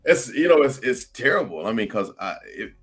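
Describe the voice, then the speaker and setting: A man's voice: medium pitch, sing-song, normal speed, a bit bright, slightly rough. A middle-aged man, hosting a casual panel chat and reading viewer comments aloud. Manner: laid-back, reads viewer comments aloud. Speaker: podcast host.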